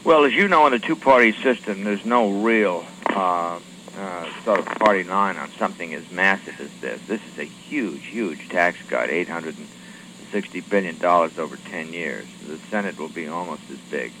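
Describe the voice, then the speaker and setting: A man with a fairly low, bright, forceful voice, taking questions from radio stations as a lawmaker. He talks haltingly, filling gaps with many hesitations and restarting his sentences. A faint hiss sits under the voice. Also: rough recording. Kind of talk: radio call-in interview.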